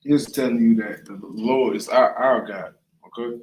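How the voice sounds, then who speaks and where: A man's voice: mid-range voice, steady tone, a little slow, a little mellow, roomy sound, poor audio. A man leading a casual Bible class, talking loosely and often checking in with the listener. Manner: conversational, often asks "right?" and "you know what I'm saying?". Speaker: class leader.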